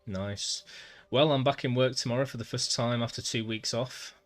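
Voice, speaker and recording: A man's voice: mid-range voice, fairly even intonation, normal speed. A man with a Manchester accent chatting casually with viewers while streaming a game, calling them mate. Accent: Northern English, Manchester. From Manchester, England. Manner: chatty, talks to chat, says "mate" often. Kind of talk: casual gameplay livestream chat.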